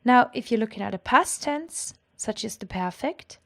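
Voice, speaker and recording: A woman explaining grammar in a clear, patient lesson. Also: on the high side, expressive, moderate pace, a bit bright. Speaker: language teacher.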